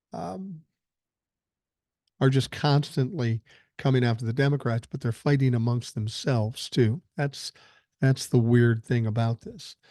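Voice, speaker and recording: A man's voice: medium pitch, warm tone, no room sound, studio quality. An older man hosting a podcast, reading listener emails aloud and answering them bluntly with plenty of swearing, still getting over a cold. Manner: blunt, profane, opinionated. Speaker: podcast host.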